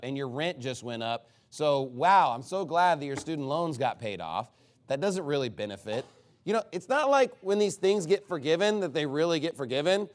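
Speaking at medium pitch, a male pastor delivers an animated, sarcastic sermon, firing off rhetorical questions to his congregation.

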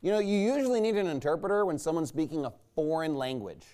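A man's voice: on the high side, lively intonation, fast talker, mellow. A man preaching a sermon in a loose, conversational way, often checking with the congregation. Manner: conversational, rambling, asks listeners "right?".

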